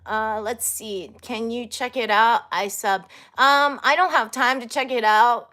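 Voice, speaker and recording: A woman in her thirties chats loosely with her stream audience, reading comments aloud and breaking into giggles. Her voice sits a little high, and her talk is relaxed and unpolished, with a casual curse here and there. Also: measured pace. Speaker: livestreamer reading chat. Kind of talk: casual livestream chat.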